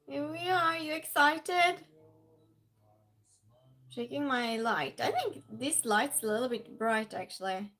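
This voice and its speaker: A woman's voice: high voice, animated, takes it slowly, pauses often, a bit bright. A woman hosting a casual live-stream game night, chatting, laughing often and greeting viewers by name from her desk at home.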